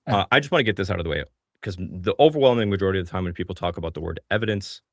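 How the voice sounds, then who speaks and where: A man co-hosting a call-in show who speaks in a measured, methodical way and defines terms before arguing. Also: low voice, no room sound, clean studio sound.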